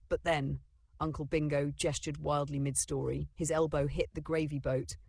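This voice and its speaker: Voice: medium pitch, level tone, normal speed, vocal fry, darkish tone, breathy edge, no room sound. A narrator reading a children's storybook in a dramatic, playful way.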